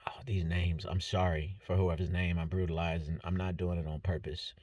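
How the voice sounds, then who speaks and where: A man's voice: low-pitched, little pitch movement, normal speed, darkish tone, no room sound. A man giving a casual, joking breakdown of fight results, rambling and stumbling over fighters' names. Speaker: MMA fight breakdown host. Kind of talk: casual solo commentary.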